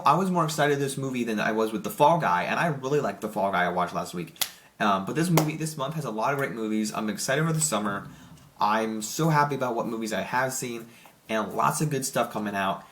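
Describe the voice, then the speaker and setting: A young man reviews a film in a loose, excited ramble, tripping over his words and restarting sentences. His voice sits a little low. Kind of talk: casual spoken movie review.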